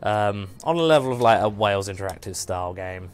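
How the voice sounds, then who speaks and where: Lowish and smooth, his voice moves fairly quickly and sounds animated, with faint music behind it. He's a streamer chatting casually while gaming, meandering through a story with plenty of laughs and jokes at his own expense.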